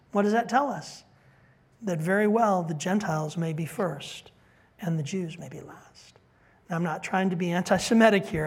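A preacher giving an expository sermon, talking in an animated way that swings between loud emphasis and hushed quiet, and asking the congregation direct questions. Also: mid-range voice. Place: church service with a congregation.

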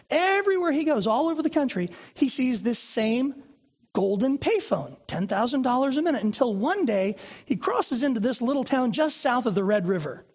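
Husky-voiced preacher. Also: male voice, extremely high pitch, animated, brisk. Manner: conversational, storytelling, rhetorical questions. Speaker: pastor. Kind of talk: sermon. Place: church sanctuary.

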